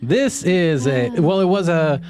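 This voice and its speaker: A man hosting a comedy podcast in a playful, animated way. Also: a little high, unhurried, a crowd in the background. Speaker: podcast host. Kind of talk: casual comedy podcast chat.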